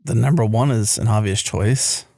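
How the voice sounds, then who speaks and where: A man's voice: lowish voice, moderate pace, vocal fry, darkish tone, dry recording, studio quality. A man playing as a contestant on a podcast game show, joking and teasing the host. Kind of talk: casual game show chat.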